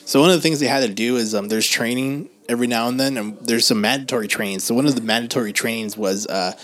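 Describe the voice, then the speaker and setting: A man's voice: medium pitch, fast, a bit bright. A man telling workplace stories in casual chat, laughing often and restarting his sentences.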